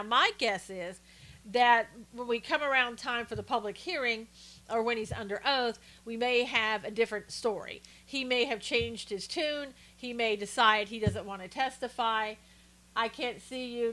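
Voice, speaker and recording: A woman's voice: a little high, a bit bright. A woman hosting a live stream, chatting casually through political commentary and greeting viewers by name, with frequent fillers.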